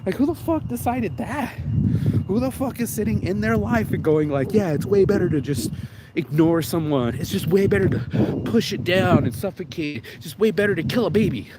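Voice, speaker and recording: A man's voice: high-pitched, normal speed, very noisy. A man hosting his own video, shaken from crying, talking in a raw, profane, rambling way as he walks a street in the rain. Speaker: vlog host. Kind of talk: emotional walking monologue.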